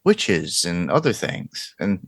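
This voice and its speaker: Lower-voiced man in casual podcast chat. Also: big pitch swings, slow, a bit bright, no room sound, studio quality. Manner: chatty, hedging, repeats himself. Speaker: podcast co-host. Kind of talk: casual movie discussion.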